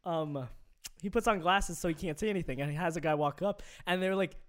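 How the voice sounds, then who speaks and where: A man's voice: on the high side, brisk. A man co-hosting a casual podcast, arguing his opinions emphatically and swearing freely. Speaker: podcast co-host.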